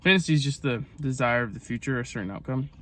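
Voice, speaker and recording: A man's voice: medium pitch, fast, pushed and bright. A young man talking casually into his phone camera in a car, rambling with lots of "like" and "um". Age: young adult. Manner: rambling, filler-heavy, frequent "like" and "um". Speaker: vlogger. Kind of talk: casual rambling vlog storytelling.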